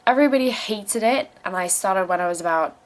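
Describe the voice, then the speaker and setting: A woman's voice: medium pitch, expressive, brisk. A young woman grew up in South Africa and speaks with a South African accent that has picked up English tones. She reads out viewer questions and answers them in a casual vlog. Her delivery is frank and unfiltered, with swearing and emphatic repeated phrases. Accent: South African mixed with English. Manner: emphatic repeated phrases when giving advice.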